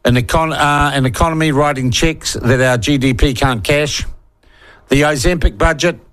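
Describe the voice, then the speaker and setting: This New Zealand talkback radio host has a fairly high-pitched, fairly bright voice. Blunt and irreverent, he runs through the day's issues and reads listener texts aloud in a relaxed, opinionated way.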